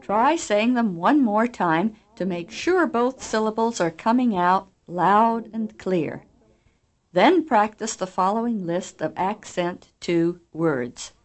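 Woman narrator for a language course: clear, deliberate, explanatory, unhurried delivery with animated pitch. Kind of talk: scripted instructional narration.

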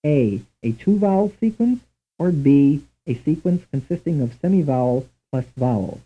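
A man reading a scripted language lesson in a slow, measured, deliberate way, on a tinny old tape recording. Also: on the high side, expressive, breathy edge. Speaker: language instructor. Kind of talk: scripted programmed-lesson narration.

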